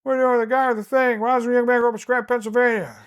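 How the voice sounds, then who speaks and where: A man's voice: very high-pitched, little pitch movement, rapid-fire, smooth, voice pushed up. A man doing a rambling, folksy old politician. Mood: exasperated. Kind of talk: comic impression.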